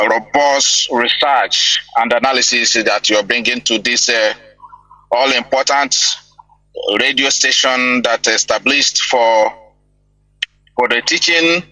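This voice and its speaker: A man's voice: mid-range voice, sharp tone, dry recording, poor audio. A man, a guest on a radio program, speaking in a courteous, formal, speechlike way. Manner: courteous, speechlike, long thanks.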